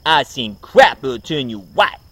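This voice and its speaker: A man doing an impression of a brash, wisecracking comedian in a loud, cocky voice. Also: medium pitch, big pitch swings, measured pace, full character voice.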